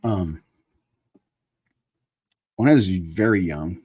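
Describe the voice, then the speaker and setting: A man's voice: deep voice, takes it slowly, a little mellow, breathy edge. A man in his fifties hosting a casual live chat, talking earnestly and building into emphatic preaching. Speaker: online show host.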